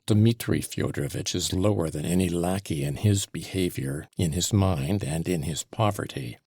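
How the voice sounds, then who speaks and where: A bitter, conceited young manservant holds forth with sneering self-importance, as a man reads him in an audiobook. The voice sits low and gravelly, with a husky edge. It is recorded dry and close, with no room sound. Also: normal speed, warm tone, no room sound. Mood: contemptuous. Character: scornful young male servant, conceited and bitter. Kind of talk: audiobook character reading.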